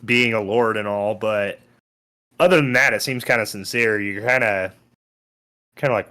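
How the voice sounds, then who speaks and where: A man's voice: mid-range voice, a little slow, long pauses. A man narrating casually as game master of a tabletop game. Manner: casual, lively.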